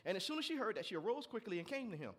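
A male pastor a sermon, reading scripture and breaking into lively asides to the congregation. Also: high voice, rapid-fire, breathy edge. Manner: animated preaching with asides to the congregation.

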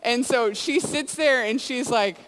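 A woman's voice: on the high side, a little slow, a bit bright. A woman giving a casual sermon to students, telling stories in a chatty way full of "like" and "you know". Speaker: youth speaker. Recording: long hall reverb.

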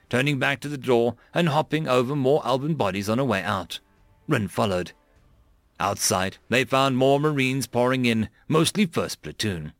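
Male audiobook narrator, gravelly, lively delivery, dry close sound. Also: medium pitch, no echo. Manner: expressive, voices many characters.

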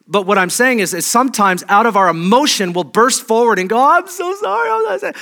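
A man's voice: sits high, bright, forceful tone. A middle-aged man preaching a sermon as pastor, conversational and humorous, with restarts and asides to the congregation.

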